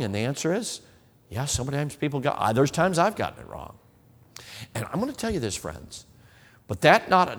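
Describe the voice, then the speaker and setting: A man's voice: mid-range voice, breathy edge, long reverb tail. A man preaching a sermon, acting out the questions of imagined listeners as he goes.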